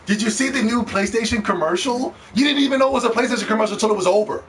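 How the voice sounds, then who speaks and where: A man's voice: extremely high pitch, very fast, fairly bright tone. A man ranting in a heated, profane, mocking way in vlog commentary about video games. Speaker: gaming commentator. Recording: distant mic with faint background noise.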